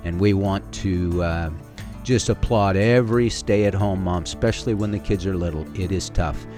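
A man's voice: sits low, moderate pace, darkish tone, faint music behind. A middle-aged man hosting a talk radio show as a pastor, speaking earnestly in a folksy way with plenty of filler words. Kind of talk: casual talk radio with preaching. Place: radio studio.

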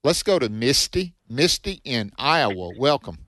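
Southern male radio host, mid-pitched, homespun and halting, dry mic. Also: sing-song, fairly bright tone, dry recording. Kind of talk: call-in Bible radio show.

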